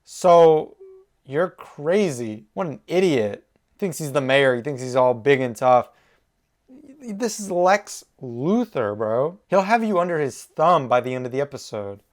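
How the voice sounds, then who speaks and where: A man hosting a reaction video, talking excitedly back at the characters on screen. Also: medium pitch, measured pace. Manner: animated, exclaims and talks to the characters.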